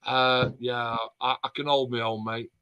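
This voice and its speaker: A man co-hosting a relaxed live stream chat, full of banter and cheerful swearing. His voice is bright and forward, at a mid pitch. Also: a little slow, clean tone, highs cut off. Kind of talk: casual chat.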